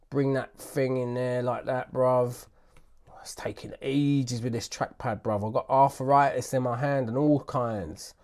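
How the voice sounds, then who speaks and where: A man's voice: medium pitch, creaky, darkish tone. A British man casually talking through a music production tutorial in heavy slang, joking and muttering asides to himself. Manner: slangy and jokey, "bruv" after nearly every sentence; mutters grumbling asides under his breath. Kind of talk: casual screen-recorded tutorial.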